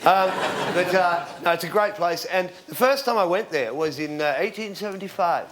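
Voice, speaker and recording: An Australian man in his forties doing stand-up comedy, telling rambling deadpan stories with sudden shouted punchlines. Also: high voice, normal speed, background noise. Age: 40s. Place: theatre stage with live audience. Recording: live show with loud crowd laughter.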